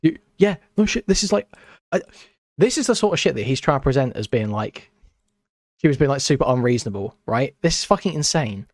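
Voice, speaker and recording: A man's voice: medium pitch, big pitch swings, brisk, dry recording, studio quality. A man reacting on a stream with casual, sarcastic, incredulous commentary. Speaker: streamer co-host.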